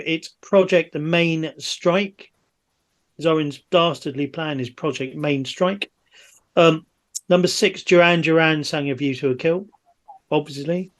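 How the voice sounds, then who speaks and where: A man acting as quiz master on a video call, reading out answers briskly with jokey asides. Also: fairly high pitch.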